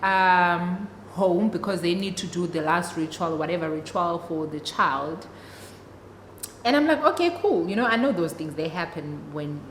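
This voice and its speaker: A woman's voice: on the low side, a bit bright. A young South African woman whose first language is isiXhosa, telling a story-time vlog to her viewers in a chatty, dramatic way. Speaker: vlogger. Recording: echoey room, long reverb, faint noise.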